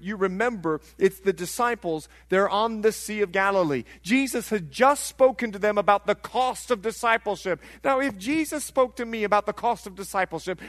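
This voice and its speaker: A middle-aged man from Liberia preaching a sermon, telling stories and acting out voices, swinging from hushed tones to shouting. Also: sits high.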